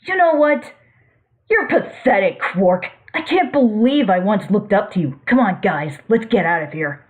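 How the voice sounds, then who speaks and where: A woman's voice: medium pitch, animated, measured pace, close to an everyday voice. A woman voicing a young male hero who speaks in a firm, commanding way. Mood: disgusted. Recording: tinny phone-like audio.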